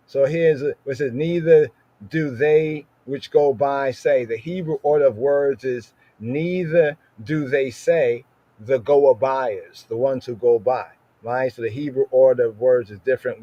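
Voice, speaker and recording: A man of mid pitch teaches scripture in a relaxed podcast way. He says the old words over and over, slowly, and keeps checking in with "right?" The recording sounds slightly muffled and lo-fi. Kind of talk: casual teaching talk.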